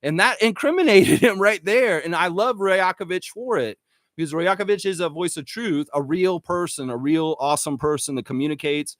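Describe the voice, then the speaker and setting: A man's voice: high-pitched, brisk, dry recording, clean studio sound. A man hosting a live stream, ranting with lots of swearing and reading viewer comments aloud. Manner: profane, excitable, reads chat aloud. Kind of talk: casual live-stream rant.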